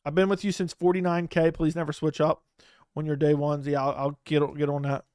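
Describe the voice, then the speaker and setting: Blunt slangy male streamer, crisp dry voice. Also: fairly high pitch, little pitch movement, brisk, a little mellow, dry recording. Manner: loose, slangy, blunt, often trails off. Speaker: livestream host. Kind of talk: casual live-stream chat reading viewer comments. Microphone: studio microphone close up.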